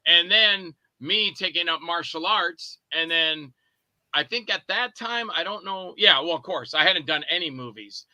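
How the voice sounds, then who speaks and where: A man's voice: fairly high pitch, measured pace, no room sound, rough recording. A man, a guest filmmaker, telling stories in a casual interview and acting out the people he quotes. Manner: animated, acts out quoted lines with swearing.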